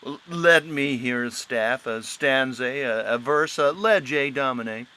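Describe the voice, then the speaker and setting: An actor playing a pedantic, wordy schoolmaster in a live-streamed Shakespeare reading, with pompous Latin-sprinkled flourishes. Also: male voice, medium pitch, slow, bright, forceful tone, clean tone.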